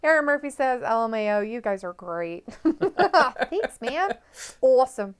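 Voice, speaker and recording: A woman's voice: on the high side, sing-song, clean tone. A woman co-hosting a live stream, chatting casually, giggling often and reading viewer comments aloud. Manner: giggly, chatty, quick reactions.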